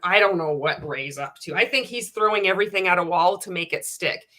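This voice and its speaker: A woman's voice: on the low side, fairly quick. A woman hosting a candid reaction video, reading out viewer comments and giving blunt, sarcastic commentary full of swearing. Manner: animated and indignant.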